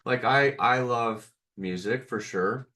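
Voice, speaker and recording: A man's voice: mid-range voice, slow pace, bright, forceful tone. A man co-hosting a podcast, chatting casually and affirming his partner often. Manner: supportive listener, frequent short affirmations. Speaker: podcast co-host. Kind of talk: casual chat.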